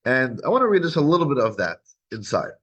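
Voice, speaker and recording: A man teaching a weekly scripture class, retelling the text as lively back-and-forth dialogue, with frequent restarts. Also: mid-range voice, quick pace, breathy edge, rough recording.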